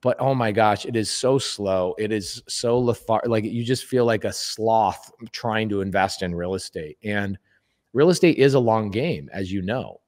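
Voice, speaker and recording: Emphatic low-voiced man on a podcast. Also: measured pace. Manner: emphatic, animated storyteller who acts out quoted speech; plain-spoken, repeats words for emphasis. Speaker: podcast guest. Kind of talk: casual podcast conversation.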